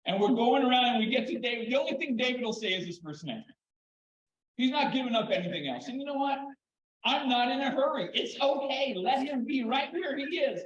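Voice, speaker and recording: An older man and children's therapist giving a conference talk, telling stories in an animated way with dramatic pauses. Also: extremely high pitch. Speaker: keynote speaker, children's therapist. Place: large conference hall. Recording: echoey hall, slightly dull sound.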